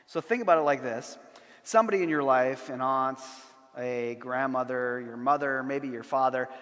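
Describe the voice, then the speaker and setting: A middle-aged man giving a conference lecture, an animated storyteller with dry humor who acts out the people he quotes. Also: medium pitch, moderate pace. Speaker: conference speaker. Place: large church sanctuary. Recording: long hall reverb.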